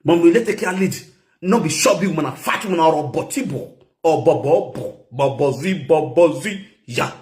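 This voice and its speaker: Animated man, rambling casually. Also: fairly high pitch, normal speed. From Nigeria. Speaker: social media personality. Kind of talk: rambling casual monologue in pidgin.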